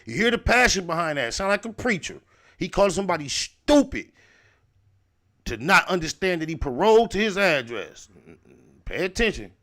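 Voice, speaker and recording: A man hosts a reaction stream and calls his viewers' attention to what they just heard. His voice is bright and a little high. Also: sing-song, moderate pace, pauses often. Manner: pointed, instructive asides to viewers. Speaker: reaction show host. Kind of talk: commentary on played clips.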